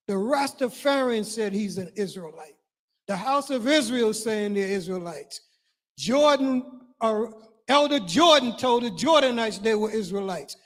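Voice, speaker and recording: An older man giving an impassioned public address, building lists with emphasis and swinging between loud declarations and quiet appeals. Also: sits high. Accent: non-Guyanese. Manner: preacherly, emphatic lists, rising and falling volume. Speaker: community speaker.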